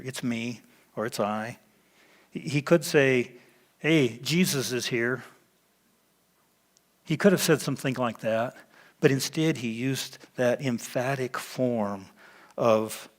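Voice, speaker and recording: A man preaching a sermon as pastor, teaching in an emphatic way, pausing and dropping to a quiet voice for weight. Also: mid-range voice. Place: church sanctuary.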